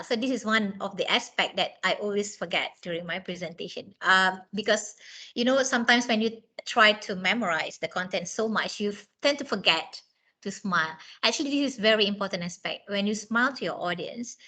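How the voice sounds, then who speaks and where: A woman's voice: mid-range voice, bright, forceful tone, rough recording. A woman trainer giving a chatty training lecture, with many fillers and restarts, laughing often.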